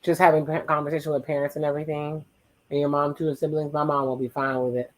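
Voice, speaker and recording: A host giving casual watch-along commentary on a reality show, teasing and recapping the couples' dialogue in quick playful asides. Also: mid-range voice, level tone, rough recording.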